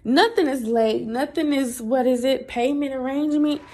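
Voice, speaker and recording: A young adult woman hosting a podcast, telling a story in a chatty, animated, profane way. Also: high-pitched, moderate pace, a little hiss or hum. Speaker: podcast host. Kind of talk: casual storytelling monologue.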